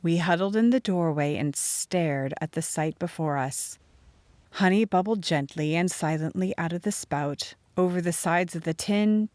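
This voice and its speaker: A woman narrating a first-person storybook audiobook in an expressive reading. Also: deep voice, no room sound.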